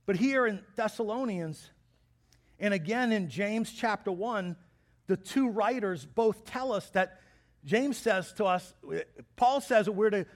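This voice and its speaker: High-voiced lively man preaching. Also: a little slow. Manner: lively, joking preacher who acts out quotes. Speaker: pastor. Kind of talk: sermon.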